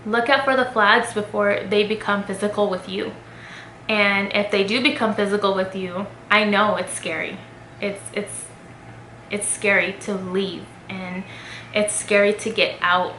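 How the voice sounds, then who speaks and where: This young woman vlogger shares a personal story with her audience, candid and chatty, filling her speech with fillers. Her voice sits in the mid range, steady, unhurried and slightly bright, and the room sounds echoey with a little noise.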